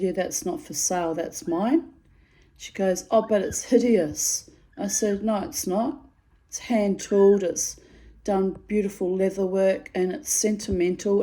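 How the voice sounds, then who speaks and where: A middle-aged woman with a mellow, lowish voice tells a personal story to camera, frank and aggrieved, swearing freely. The recording is rough.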